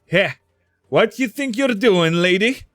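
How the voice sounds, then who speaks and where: Guy doing a gruff suspicious guard, loud and lively. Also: high voice, measured pace, no echo, studio quality, voice pushed up.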